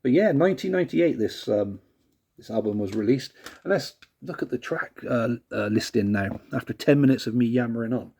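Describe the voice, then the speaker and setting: A man's voice: mid-range voice, animated, fairly quick, vocal fry, dark tone, husky. A man casually rambling through a CD review, self-deprecating and apologetic. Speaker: vlogger reviewing a CD.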